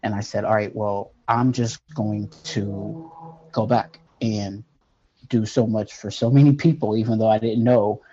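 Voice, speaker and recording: A man telling a personal near-death story in an earnest, halting way, with many fillers. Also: fairly low pitch, steady tone, warm tone, lo-fi sound, slight background noise.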